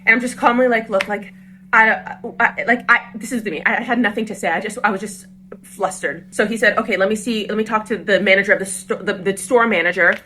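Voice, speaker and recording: A woman telling a story about her own salon visit, animated, quoting herself and the staff. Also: mid-range voice, a little fast, slight background noise. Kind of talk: storytime video clip.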